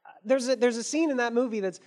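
A woman's voice: a little high, fast, darkish tone. A woman pastor giving a sermon in an earnest, conversational way, with casual fillers.

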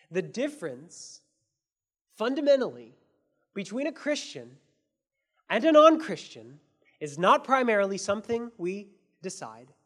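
A man preaching a sermon as pastor, earnest, asking his listeners questions and swinging between soft and emphatic delivery. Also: high-pitched. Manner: asks the audience many questions.

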